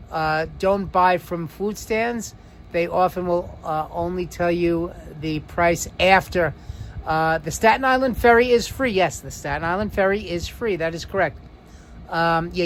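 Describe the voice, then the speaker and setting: Slight background noise sits under this livestream host's high-pitched, fairly bright voice. Speaking with a New York accent, he chats his way through viewer comments and a quiz, drawing out important words and filling gaps with lots of fillers.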